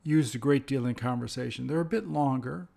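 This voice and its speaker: A man teaching an English lesson, speaking slowly and carefully and repeating example phrases. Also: mid-range voice, creaky, warm tone. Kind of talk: slow, deliberate language lesson.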